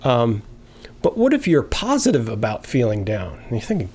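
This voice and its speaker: A man teaching a lesson in a relaxed, conversational way, now and then acting out short example phrases. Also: medium pitch, moderate pace, a little hiss or hum. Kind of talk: explanatory lesson.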